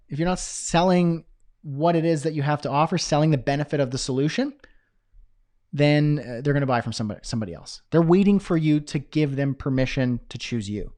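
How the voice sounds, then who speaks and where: A male coach with a fairly high voice, teaching live in a loose, energetic, conversational way. He keeps pausing to check in with his viewers and answer their chat questions. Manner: energetic, conversational, frequent "okay?" check-ins. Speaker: business coach.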